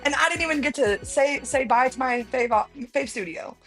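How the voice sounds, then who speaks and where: A woman's voice: high voice, fairly quick, a bit bright, faint music behind. A woman hosting a casual sports talk show from home, bubbly and chatty, often repeating words as she goes. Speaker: podcast host. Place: remote, apart from the studio.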